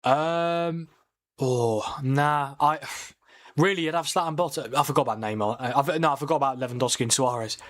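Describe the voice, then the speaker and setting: Chatting at normal speed in a medium-pitched, slightly bright voice, a man hosts a live watchalong stream of football, debating and answering what viewers post.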